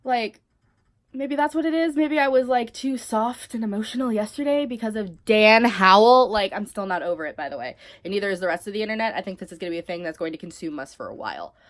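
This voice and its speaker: A woman's voice: medium pitch, lively intonation, fast talker, dry recording. A young woman talking to camera in a casual vlog, emotional and swearing, full of fillers. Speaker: vlogger.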